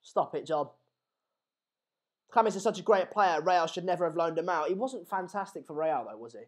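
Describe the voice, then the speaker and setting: A man's voice: high-pitched, fast talker. A young man hosting a live football watchalong stream, calling the play and chatting through viewer comments in a casual, joking way.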